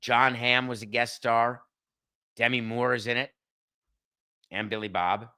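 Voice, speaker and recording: A man's voice: mid-range voice, fairly even intonation, measured pace, sharp tone, clean tone. A middle-aged man hosting his own podcast, giving blunt, sarcastic opinions in a solo commentary and joking at his producer. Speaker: podcast host.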